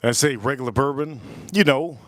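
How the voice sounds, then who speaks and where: A man's voice: mid-range voice, normal speed, fairly bright tone, no room sound. A man reviewing whiskey in casual live-stream chat, enthusiastic and repeating his phrases.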